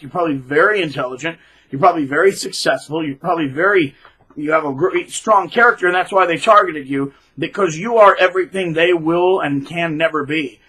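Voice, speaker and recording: A man hosting his own channel, giving rambling, emphatic casual advice, with sudden loud bursts of emphasis. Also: fairly high pitch, husky, rough recording. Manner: rambling, with frequent restarts. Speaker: channel host.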